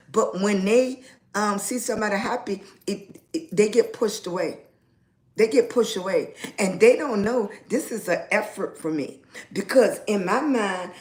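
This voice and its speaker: A woman hosts a casual live stream in an unhurried, drawn-out way, lingering on each phrase. She is upbeat and affirming, greeting viewers one by one and offering motivational encouragement at a medium pitch. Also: a little mellow. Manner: motivational, speaks positive affirmations. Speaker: lifestyle blogger hosting a livestream.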